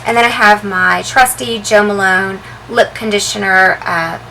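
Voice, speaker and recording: A woman vlogger chatting casually as she shows the contents of her handbag, relaxed and full of ums and uhs. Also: medium pitch, a little slow, vocal fry, slight background noise, low-quality recording. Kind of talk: casual show-and-tell vlog.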